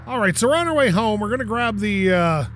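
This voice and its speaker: Excitable gamer guy chatting over gameplay, high voice that jumps all over, swears and laughs at stuff on screen. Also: fast talker, soft background music. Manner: excitable, talks to objects in the game, swears and laughs. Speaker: gaming YouTuber. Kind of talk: casual gameplay commentary.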